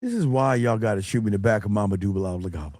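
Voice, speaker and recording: A man hosting a livestream as a dating coach, talking bluntly and profanely and growing loud and scornful as he reviews a viewer's messages. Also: fairly low pitch, very fast, no room sound, studio quality. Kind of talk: livestream advice talk.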